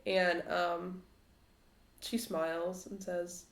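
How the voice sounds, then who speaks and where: A woman narrating a tabletop game as game master, halting with many fillers. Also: fairly low pitch, vocal fry. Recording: roomy echo.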